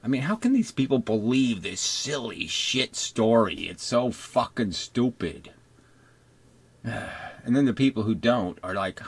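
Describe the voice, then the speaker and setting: A man's voice: mid-range voice, big pitch swings, a little slow, slightly rough. An older man ranting on camera in an unscripted, profane, mocking monologue, often slipping into sarcastic imitations of others. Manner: mimics others in put-on voices. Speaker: video commentator.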